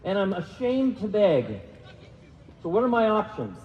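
A man's voice: high-pitched, sing-song, unhurried, voice pushed up. A man voicing a fired middle-aged estate manager who worries aloud about his future and then schemes. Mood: anxious. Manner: worried, rising self-questioning. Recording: reverberant hall, dull lo-fi sound.

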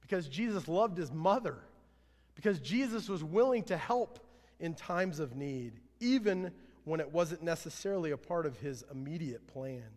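A man preaching a sermon as pastor, earnest, swelling louder then dropping low at line ends. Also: expressive, moderate pace. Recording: long hall reverb.

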